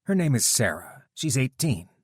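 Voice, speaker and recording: A man's voice: medium pitch, sing-song, normal speed, husky, no echo, studio quality, voice pushed up. A man voicing a determined young man who interrogates captors coldly in an audiobook. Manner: cold, commanding, relentless. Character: determined young man hunting kidnapped fiancée.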